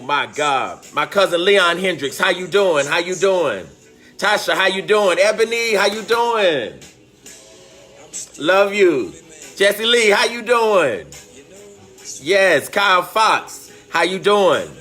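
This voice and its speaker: A man's voice: a little high, lively intonation, measured pace, pushed and bright, soft background music. A man teaching on a live stream, greeting viewers by name and calling out with fervent emotion. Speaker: teacher hosting a live online talk. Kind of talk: impassioned livestream teaching.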